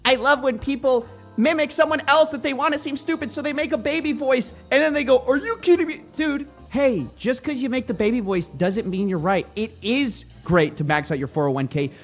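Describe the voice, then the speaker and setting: A man's voice: extremely high pitch, brisk, soft background music. A young man hosting a show, giving sarcastic, jokey commentary on video clips. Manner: mocking, animated, jokey. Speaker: host.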